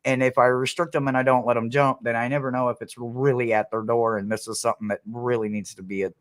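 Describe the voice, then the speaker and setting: A man's voice: mid-range voice, flat delivery, quick pace. A man hosting a tarot reading live stream, chatting playfully and laughing often as he greets viewers. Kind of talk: casual live-stream chat.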